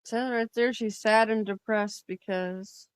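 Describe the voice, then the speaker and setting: A woman's voice: mid-range voice, steady tone, measured pace, smooth, no echo. A woman as a guest on a casual livestream chat, agreeable and backing up the host with short replies.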